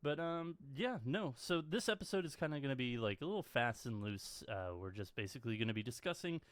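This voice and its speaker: A man hosting a casual podcast over a voice call, relaxed and full of "yeah, no" fillers. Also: medium pitch, brisk, no room sound. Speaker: podcast host. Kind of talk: casual chat.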